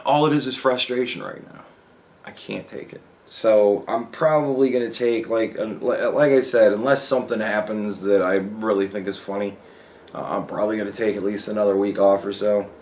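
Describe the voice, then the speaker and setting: A man's voice: fairly low pitch, fairly quick. A young man rambling casually in a vlog, swearing a lot, laughing often and acting out his stories. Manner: profane, laughs often, animated storytelling. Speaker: vlogger.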